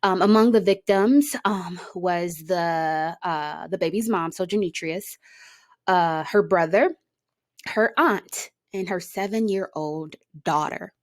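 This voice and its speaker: A woman's voice: fairly low pitch, takes it slowly, no room sound. A woman giving casual commentary on a news story, emotional and outspoken, swearing freely. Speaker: commentary vlogger.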